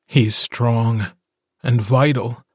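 A male audiobook narrator reads in a slow, measured, intimate way. His voice is slightly husky and sits in a dry, close studio sound. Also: medium pitch, fairly even intonation, no echo. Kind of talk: scripted narration.

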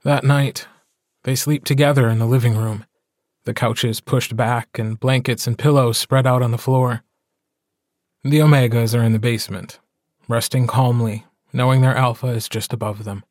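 A man narrating an audiobook in a calm, measured way. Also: mid-range voice, no echo, studio quality. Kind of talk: scripted narration.

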